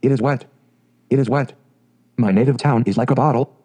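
A man reading the lines of a gloomy, chatty old peasant woman in a storybook, with a dark voice. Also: mid-range voice, a little fast, close to an everyday voice. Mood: glum.

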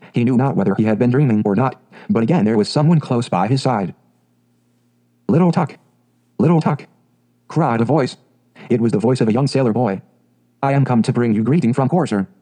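A man narrating a fairy tale audiobook in a steady, measured way. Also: mid-range voice, poor audio.

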